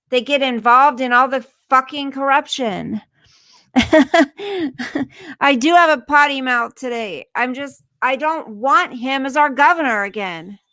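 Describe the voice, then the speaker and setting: A woman's voice: high-pitched, pushed and bright, no echo. A woman hosting a casual livestream, ranting indignantly, swearing, and reading news aloud to her viewers. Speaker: livestream host.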